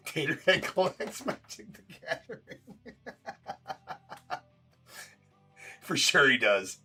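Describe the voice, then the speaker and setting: A man's voice: on the high side, big pitch swings, a little slow, bright, forceful tone, slightly rough, faint music behind. A man hosting a live card break stream, talking casually and teasing viewers in the chat with loose, rambling banter. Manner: teasing, rambling, with frequent laughs and filler words.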